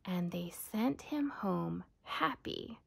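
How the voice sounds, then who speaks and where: Lady reading a kids rhyming book, sing-songy, slow, husky and a bit gravelly. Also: lowish voice, lively intonation. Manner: sing-song rhyming delivery, soft and dropping to whispers. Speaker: storyteller. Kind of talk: reading a children's storybook aloud.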